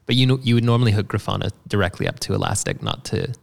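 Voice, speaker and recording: Gravelly low-voiced man in casual tech chat. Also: fast talker. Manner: laid-back, swears casually, explains with fillers. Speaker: software developer.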